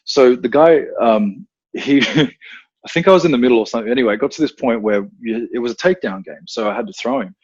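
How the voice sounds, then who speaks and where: A man talking as a podcast guest, blunt and profane, telling animated stories in casual conversation. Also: mid-range voice, quick pace, breathy edge, dry recording, highs cut off. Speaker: podcast guest, combat instructor.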